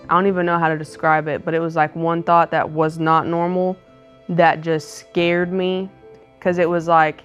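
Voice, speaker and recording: A young woman telling a personal story softly and hesitantly, with many fillers, in a casual chat. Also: fairly low pitch, smooth, highs cut off. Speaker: wife co-host of couple's channel.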